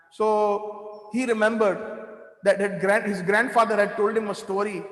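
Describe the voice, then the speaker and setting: A man with a strikingly high voice tells devotional stories at a temple, recounting anecdotes with an easy narrative flow and quoted Hindi phrases. His voice rings through a roomy hall, trailing a long reverb behind each phrase. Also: little pitch movement, moderate pace, fairly bright tone. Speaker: temple storyteller. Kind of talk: devotional storytelling talk.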